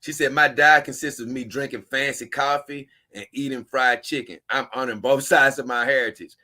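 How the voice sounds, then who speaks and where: Bright-voiced chatty man. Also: medium pitch, steady tone, brisk. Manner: rambling, chuckling, talks to viewers as y'all. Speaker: host. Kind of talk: casual commentary reading posts aloud.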